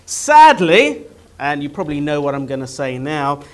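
A man's voice: a little high, level tone, fast talker. A man chairing a live debate, introducing it with wry, teasing jokes and many hesitant fillers.

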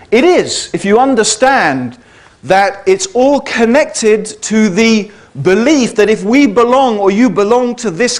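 British man giving a lively public talk. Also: high voice. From Britain. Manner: conversational, checks in with the audience. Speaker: speaker giving a talk to an audience. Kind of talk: public lecture.

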